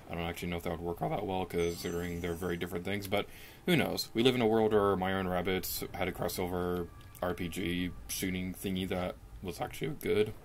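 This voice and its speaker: A young man with a fairly low voice talks through a video game in a relaxed, self-mocking way, and his pitch leaps up whenever something excites him. He records at home on a desk microphone, with a faint hum of room noise behind him. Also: gravelly. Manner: chatty and self-mocking, with quick pitch jumps when excited. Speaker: let's play commentator. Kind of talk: casual gameplay commentary.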